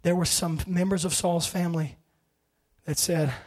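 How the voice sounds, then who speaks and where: A male preacher delivering a fervent sermon in a notably high voice. His intensity swings from loud, urgent declarations down to hushed, almost whispered stretches. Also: fairly even intonation, moderate pace. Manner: impassioned, swinging from shouting to hushed.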